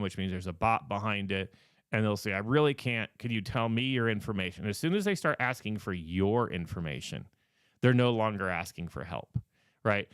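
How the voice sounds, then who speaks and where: A podcast host, a man with a lowish voice that is wearing thin as he loses it. He talks casually and with emphasis, repeats his warnings and fills pauses with ums. The sound is dry and close to the mic. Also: smooth, no room sound. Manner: repetitive, emphatic warnings with many fillers. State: losing his voice. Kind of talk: casual advice talk.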